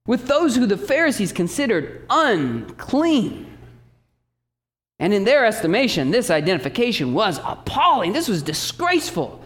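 Male pastor, lively sermon delivery, swinging pitch, emphatic teaching asides.

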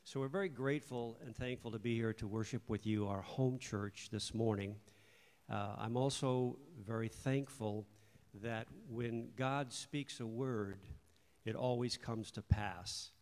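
An older man giving an earnest, measured testimony of thanks in a church service. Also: mid-range voice, a little mellow. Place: church sanctuary. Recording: long church hall reverb.

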